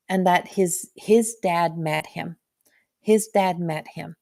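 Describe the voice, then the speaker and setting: A middle-aged woman giving a live intuitive medium reading, talking in halting, searching phrases with many restarts. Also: fairly low pitch, creaky, mellow.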